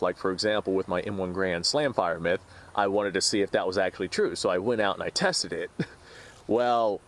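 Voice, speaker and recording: A man talking casually to camera as the host of a firearms channel, rambling and exasperated, with frequent chuckles. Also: on the low side. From United States.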